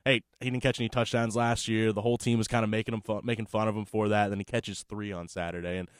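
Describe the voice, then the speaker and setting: A man co-hosting a casual sports talk show, analyzing quickly with lots of "I mean". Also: fairly low pitch, flat delivery, clean tone, no room sound. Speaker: podcast co-host.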